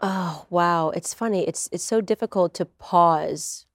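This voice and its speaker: A woman's voice: fairly low pitch, measured pace, no echo, studio quality. A woman from the United States, a guest in a conversational interview, talking in a confident, earnest and reflective way.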